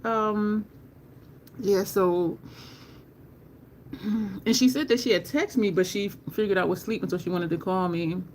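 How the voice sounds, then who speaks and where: A woman hosting a makeup livestream from home, talking slowly and rambling while she greets viewers from the chat. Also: medium pitch, darkish tone, slight background noise.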